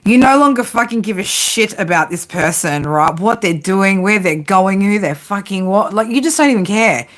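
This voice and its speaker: A woman's voice: mid-range voice, expressive, moderate pace, few pauses, a bit bright. A woman giving a casual tarot reading, blunt and profane, often breaking into laughter. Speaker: tarot reader.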